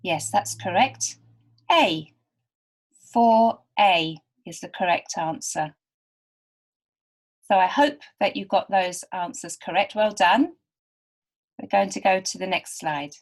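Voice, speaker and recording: A woman's voice: mid-range voice, slow, long pauses. A woman teaching beginner literacy students, patiently sounding out and repeating words. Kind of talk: slow, careful teaching to beginners.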